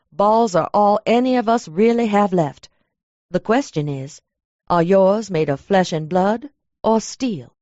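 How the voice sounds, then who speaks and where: A woman narrating a first-person audiobook in a lively, chatty storytelling manner. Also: lowish voice, no echo. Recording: dull lo-fi dry recording.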